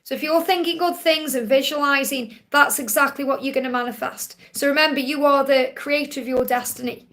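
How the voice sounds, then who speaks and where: This woman has a Stoke-on-Trent accent and a fairly high voice. She hosts a live stream, answering viewers' questions with card readings. She talks gently and reassuringly and repeats her key phrases. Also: fairly even intonation, brisk. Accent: Stoke-on-Trent English. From England.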